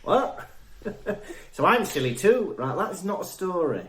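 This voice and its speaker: Podcast co-host, man, higher voice, lively and giggly, roomy echo. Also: unhurried. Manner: giggly, jokey, animated. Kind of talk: casual chat.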